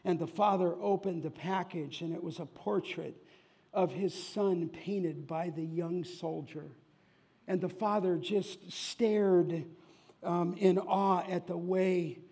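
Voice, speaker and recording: A man preaching a sermon, telling a story slowly and rising in volume for its dramatic moments. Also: husky. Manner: tells a story slowly, rising loud and high for shouted voices. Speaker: pastor.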